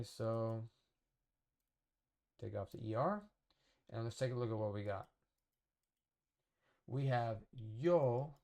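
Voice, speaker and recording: A man teaching a casual lesson at a whiteboard, explaining slowly and patiently, often checking with "okay?". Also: lowish voice, vocal fry, a little mellow. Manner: slow, patient explaining with fillers and repeated checks. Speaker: Spanish teacher.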